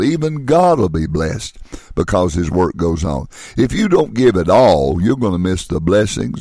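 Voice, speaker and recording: A man's voice: sits low, a little mellow, no room sound, clean studio sound. A man preaching a sermon on missionary giving, stressing his points with repeated phrases and rhetorical questions.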